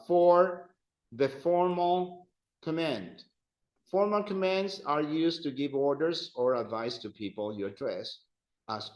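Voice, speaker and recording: Patient teacher in a roomy classroom. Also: male voice, fairly high pitch. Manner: patient, encouraging, drills conjugations aloud with students. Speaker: Spanish teacher. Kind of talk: adult-education language lesson. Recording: roomy, dull classroom sound.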